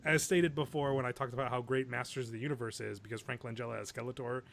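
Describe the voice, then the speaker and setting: Gravelly-voiced man, eager podcast chat. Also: mid-range voice, fairly even intonation, fast talker, a bit bright, a little hiss or hum. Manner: enthusiastic, laughs while retelling movie scenes. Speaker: podcast co-host.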